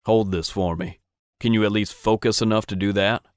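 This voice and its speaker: A stern ranch boss barks curt, bossy orders, voiced by a man. His voice sits fairly low. The sound is dry and close. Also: steady tone, normal speed, clean tone, dry recording, close to an everyday voice.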